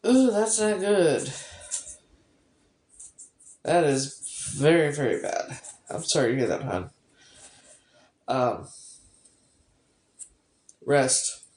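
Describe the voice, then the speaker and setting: A woman's voice: a bass voice, expressive, slow pace, pauses often, darkish tone. A woman chatting casually on a phone livestream, sarcastic and swearing a lot as she greets viewers. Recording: roomy echo.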